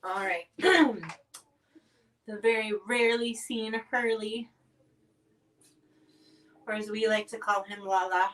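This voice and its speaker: Chatty woman clearing her throat, a little off-mic. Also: fairly high pitch, slow, pauses often, a bit bright, far from the mic. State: coughing from spicy food. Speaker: livestream host reviewing spicy snacks. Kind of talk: casual livestream chat. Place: home.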